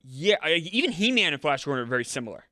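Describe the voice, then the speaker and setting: A man guest on a movie review podcast, quick and emphatic, defending his contrary view. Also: on the high side, sing-song, bright, forceful tone, no echo, clean studio sound. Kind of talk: casual movie review chat.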